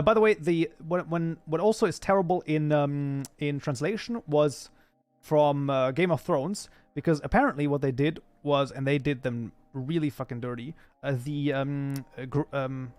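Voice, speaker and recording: A man's voice: on the high side, a little mellow, no room sound. A man whose first language is German, chatting casually with his live-stream chat while coding, often breaking into mock outrage. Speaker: streamer, mod programmer.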